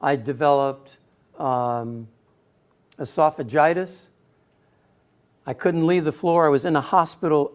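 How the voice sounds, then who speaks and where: A middle-aged man telling a personal story in a speech to an audience, acting out quotes with sudden loud bursts. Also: mid-range voice. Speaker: speaker giving a personal talk.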